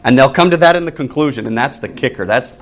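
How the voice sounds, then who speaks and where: A man's voice: medium pitch, expressive, fast. A man leading a church class, joking with the group and reading a text aloud, then commenting on it. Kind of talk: casual Bible class talk with reading aloud.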